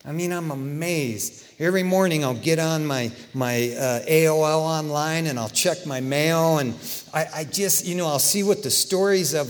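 Middle-aged pastor guy preaching, fairly high voice, gets loud then real quiet, long echo in the hall. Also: moderate pace, soft background music. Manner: impassioned, conversational, swings between loud and hushed. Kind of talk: sermon.

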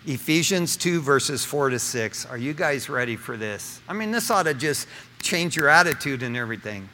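Male pastor, casual slangy sermon, bright tense voice, long hall reverb. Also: a little high, lively intonation, normal speed. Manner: casual slangy preaching, acts out characters. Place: church sanctuary.

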